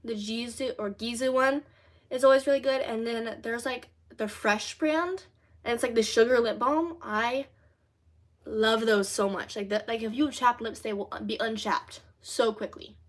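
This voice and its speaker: A woman's voice: a little high, moderate pace. Bubbly teen girl livestreaming. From Louisiana. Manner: chatty, rambling, bubbly with many fillers. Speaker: livestream host. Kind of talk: casual livestream chat reading comments.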